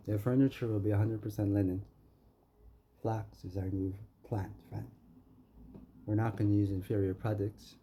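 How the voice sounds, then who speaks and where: A man's voice: fairly low pitch, fairly even intonation, normal speed, pauses often, warm tone, slight background noise. A man from Canada in a rambling, confrontational monologue, talking straight at someone he keeps calling friend. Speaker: vlogger. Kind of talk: ranting monologue.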